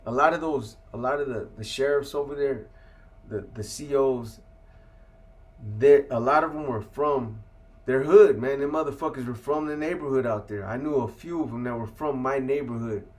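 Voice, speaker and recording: A man's voice: medium pitch, moderate pace. Laid-back man telling a street story. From California. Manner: street slang, profanity-laced, laid-back. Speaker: interview guest. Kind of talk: casual storytelling.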